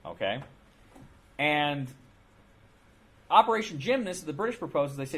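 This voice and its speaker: A man's voice: fairly high pitch, lively intonation, unhurried, long pauses, a bit bright. A man giving an informal history lecture in a classroom, talking casually and repeating his points. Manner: casual, conversational, with repeated phrases and restarts.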